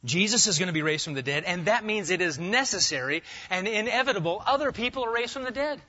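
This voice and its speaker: Middle-aged male pastor, conversational expository preaching with questions to the room; bright, forceful tone, muffled lo-fi capture. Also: high voice, lively intonation, fast. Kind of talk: expository sermon.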